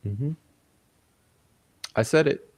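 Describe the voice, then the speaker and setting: A man's voice: mid-range voice, drawn-out words. A man giving blunt, combative true crime commentary, often breaking in with "okay?" asides. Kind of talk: casual commentary reading quotes.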